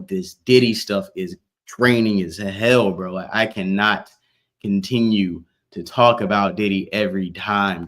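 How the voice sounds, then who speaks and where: Brief: male streamer, lowish voice, laid-back slangy chat with his viewers. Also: fairly bright tone. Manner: slangy, reacts to chat comments. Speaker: livestream host. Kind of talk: casual livestream chat.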